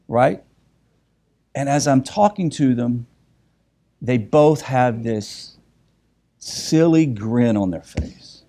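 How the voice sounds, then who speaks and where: A middle-aged man tells a personal story to a listening audience, animated and anecdotal, often checking in with a quick "right?". His voice sits at an ordinary pitch, with a mellow, darker tone. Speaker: speaker giving a talk.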